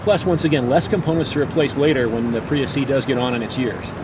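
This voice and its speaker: Man, quick explanatory delivery, car spokesman, loud street noise behind. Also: mid-range voice. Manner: fluent, explanatory, with frequent restarts. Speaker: automaker product spokesman. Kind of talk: technical explanation in an interview. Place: outdoors beside a car on a street.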